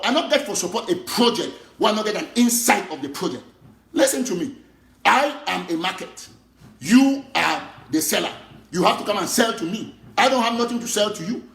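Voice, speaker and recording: Impassioned high-voiced Cameroonian activist man. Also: fairly bright tone, roomy sound. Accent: Cameroonian Pidgin English. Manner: impassioned, emphatic, repetitive. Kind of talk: political monologue.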